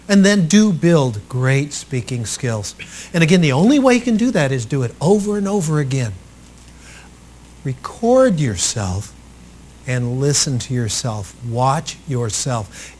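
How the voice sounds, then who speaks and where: A male speaking coach talks to a live audience of trainees. His pitch climbs and dips freely and sits a little high for a man. He is animated and expressive, getting loud and then dropping soft to stress a point. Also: a little hiss or hum. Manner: animated and expressive, acts out quotes; swings from loud to soft for emphasis. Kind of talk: live workshop talk to trainees.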